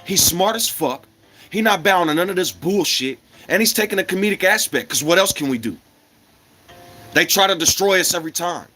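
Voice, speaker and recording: A man's voice: high voice, expressive, brisk, sharp tone, soft background music. A man from America delivering an angry, profane monologue to his viewers, firing off rhetorical questions and coughing now and then. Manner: blunt, profane and combative, with repeated rhetorical questions.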